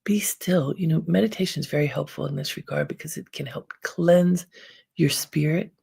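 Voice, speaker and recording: A woman hosting an inspirational self-help talk, giving calm, unhurried advice with frequent pauses. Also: low-pitched, gravelly, breathy edge. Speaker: host.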